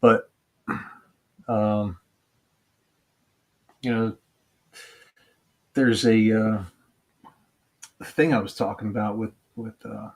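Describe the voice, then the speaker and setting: A man talking casually about a song's meaning in a halting, hesitant way, often pausing and restarting. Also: fairly low pitch, level tone. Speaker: vlogger discussing a song. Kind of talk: casual musing monologue.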